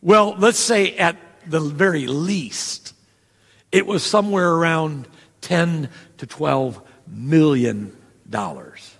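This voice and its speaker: A man with a high, gravelly voice preaches a sermon in a chatty way, dropping asides to his listeners. His voice rings with a long reverb, as if in a church sanctuary. He acts out quoted lines as he goes. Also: lively intonation, takes it slowly. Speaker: pastor.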